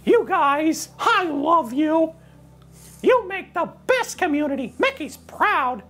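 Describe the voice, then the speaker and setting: A man putting on the voice of Mickey, an excitable male cartoon mouse, gushing and giggly. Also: very high voice, slow, pitched above the performer's own voice, heavily acted. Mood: giddy excited.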